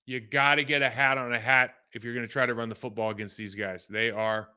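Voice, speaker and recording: A man's voice: medium pitch, a little fast, clear, resonant tone. A middle-aged man from California, a former pro football player, talks casually and animatedly as he breaks down game film. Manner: conversational and animated, with fillers like "man" and "like".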